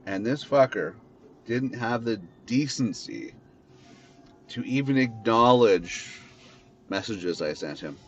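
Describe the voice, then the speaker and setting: Expressive and on the low side, a podcast host's voice comes slowly and with frequent pauses as he drives and unloads a bitter, profane, unscripted rant. The captured sound is dull and lo-fi, faintly noisy.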